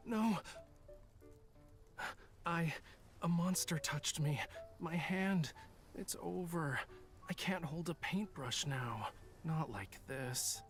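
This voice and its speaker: A man's voice: on the high side, slow, long pauses, soft background music. An actor playing a vain, aloof young male artist in a story game, speaking in a sardonic, haughty way. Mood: melodramatic disgust. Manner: sardonic and haughty, melodramatic when upset. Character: vain, aloof young man, an artist who hates cats.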